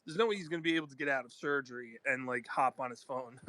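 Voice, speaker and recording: Bright-voiced man chatting casually. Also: mid-range voice, animated, quick pace, no echo. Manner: rambling, swears casually. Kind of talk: casual chat.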